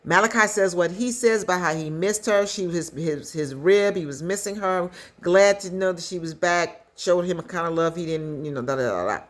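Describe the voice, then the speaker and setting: A woman casually recapping a story in a chatty, animated way, with quick asides. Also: on the low side. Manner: chatty, animated retelling with acted quotes. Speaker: commentator recapping a skit.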